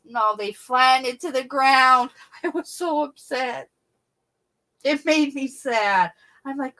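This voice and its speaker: A woman's voice: high-pitched, expressive, slow, bright, forceful tone. Chatty middle-aged woman hosting a livestream. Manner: chatty, laughs often, acts out quoted voices. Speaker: livestream host. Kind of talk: casual chat.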